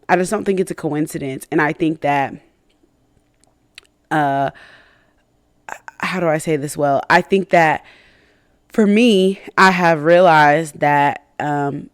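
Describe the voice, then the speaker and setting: A woman hosts a personal faith podcast, reflecting candidly, with many fillers and restarts and self-conscious laughs between thoughts. Her voice is low. The recording has clean studio sound and no echo.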